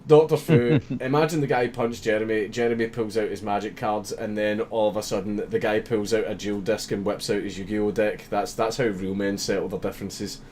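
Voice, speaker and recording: A man's voice: fairly low pitch, steady tone, a little fast, hardly any pauses, a little mellow, a little hiss or hum. Guy hosting a stream, swears a ton, laughs a lot, reads out chat. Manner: swears constantly, laughs often, mock-reads comments. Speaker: livestream host. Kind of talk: casual livestream chat reading viewer messages.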